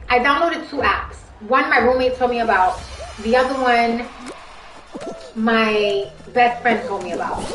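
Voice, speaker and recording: A woman's voice: a little high, fairly bright tone. Chatty Bronx Puerto Rican woman streamer. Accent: Bronx Puerto Rican New York. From Bronx, New York. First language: Spanish. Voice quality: heavy accent. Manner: chatty, rambling, talks straight to viewers. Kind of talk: casual live-stream chat. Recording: echoey room with music behind.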